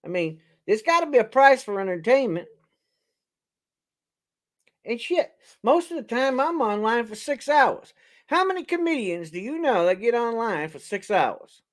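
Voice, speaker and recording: A man's voice: extremely high pitch, very animated, moderate pace. Rambling, joking preacher man. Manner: rambling, joking, laughs at his own lines. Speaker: preacher hosting a charity livestream. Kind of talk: casual live-stream joking. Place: home, indoors.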